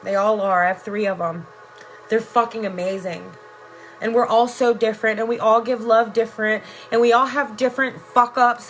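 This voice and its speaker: A woman's voice: fairly high pitch, a bit bright. A woman on a live video, reading viewer comments and preaching love and faith in an effusive, profane way. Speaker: energy worker and life coach.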